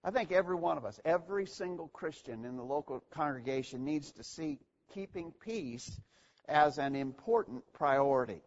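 A man's voice: a little high, lively intonation, normal speed. A man teaching an evening Bible lesson to a church, earnest and repeating key phrases for emphasis. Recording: dull lo-fi recording.

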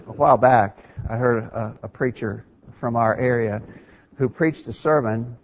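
Emphatic preacher man, lively pitch. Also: slightly rough. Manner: emphatic, rises in pitch and volume for stress. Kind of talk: sermon. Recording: dull lo-fi recording.

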